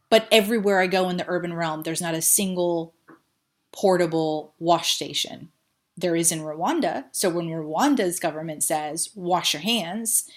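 Frank, emphatic woman with a lowish voice. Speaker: podcast guest, cognitive neuroscientist. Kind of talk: conversational interview.

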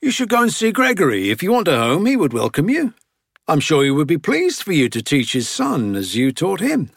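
A man lifting his voice into a wry older woman, once a nun, calm but sharp-tongued. She sounds higher than a man's usual speech, with a dry and even delivery. It is a close, dry studio sound, as in an audiobook. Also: a little fast, creaky, no room sound, heavily acted. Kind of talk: audiobook character reading.

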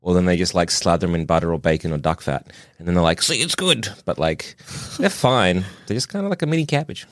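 Aussie guy, young, swoopy lively voice, picky and teasing, dry close sound. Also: low voice, quick pace, no echo. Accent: Australian. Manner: opinionated, teasing. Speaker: podcast co-host. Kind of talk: casual chat.

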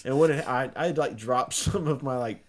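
A man's voice: medium pitch, normal speed. A man co-hosting a podcast, telling a story in casual, profane chat and laughing through it. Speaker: podcast co-host.

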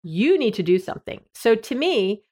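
A woman's voice: fairly high pitch, big pitch swings, normal speed, darkish tone, breathy edge. A middle-aged woman, a therapist hosting an advice podcast, talking candidly in a conversational, self-deprecating way.

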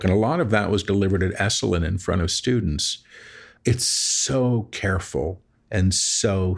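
A man being interviewed about his spiritual work, telling stories in a reflective, wry way. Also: fairly low pitch. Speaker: interview guest, spiritual channeler. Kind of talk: conversational interview.

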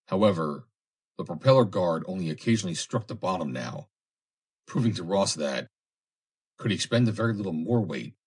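A man reads an adventure story aloud in a measured, dramatic way. His voice sits very low and deep. It has a husky, breathy grain. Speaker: narrator. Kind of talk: dramatic audiobook narration.

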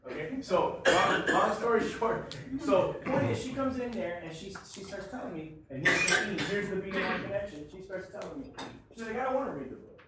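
A man telling a joking, profane story to a group at a networking meeting, in an animated, excitable way. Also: high-pitched, moderate pace, heavy background noise. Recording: very echoey room from far off, crowd audible.

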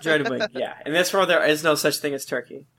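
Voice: mid-range voice, fairly quick, fairly bright tone. A tabletop game player talking casually and easygoing, laughing often.

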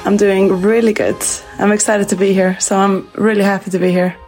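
An Icelandic woman answering podcast questions in an easygoing way with a few fillers. Her voice stays flat, sitting at a middle pitch. Faint music plays underneath. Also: a little fast. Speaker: guest, footballer. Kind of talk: podcast interview.

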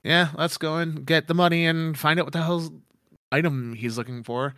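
A man's voice: a little high, fairly even intonation, moderate pace, fairly bright tone, no room sound, studio quality. A man narrating a tabletop game as game master, rambling with many fillers.

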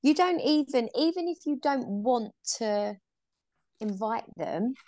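A woman's voice: fairly high pitch, lively intonation, takes it slowly, warm tone, dry recording. A woman co-hosting a podcast in casual chat, frank, with hesitant restarts. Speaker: podcast co-host.

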